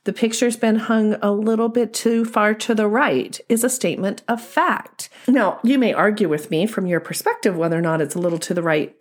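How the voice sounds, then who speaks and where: A woman couples therapist giving an instructional talk, explaining ideas step by step through examples. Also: medium pitch.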